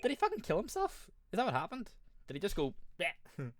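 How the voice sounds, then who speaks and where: A man's voice: high-pitched, wildly swooping pitch, fast, background noise. A man with an Irish accent, streaming a game and chatting casually, rambling, swearing often and laughing at himself. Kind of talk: casual gaming chat.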